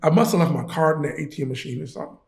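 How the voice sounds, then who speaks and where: Podcast guest: animated man from Chicago, high gravelly voice, slangy storytelling, roomy echo. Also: racing. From Chicago, USA. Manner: animated, slangy, laughs often. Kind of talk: casual storytelling.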